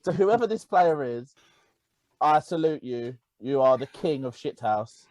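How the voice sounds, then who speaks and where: A man's voice: medium pitch, measured pace, no echo, low-quality recording. A man co-hosting a casual football podcast, telling stories animatedly. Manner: animated storytelling, laughing. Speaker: podcast co-host.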